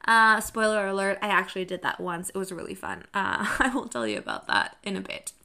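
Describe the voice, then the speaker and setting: A young woman from Mexico hosting a podcast, talking in a chatty, animated, self-deprecating way. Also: medium pitch, fairly quick, gravelly. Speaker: podcast host. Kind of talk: casual monologue.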